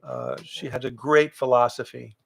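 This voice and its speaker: An older man, a voice actor and improv teacher, chatting casually with fans on a livestream from home, reading out their questions and answering in a relaxed, rambling way. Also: medium pitch, moderate pace, vocal fry, husky. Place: home, in front of pictures on the wall. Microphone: livestream webcam setup.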